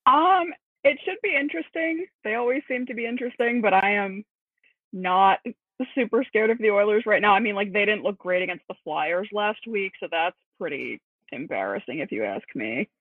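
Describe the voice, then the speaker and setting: A woman's voice: medium pitch, animated, moderate pace, dry recording, narrow, tinny audio. A woman co-hosting a casual hockey podcast, chatty and full of fillers. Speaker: podcast co-host.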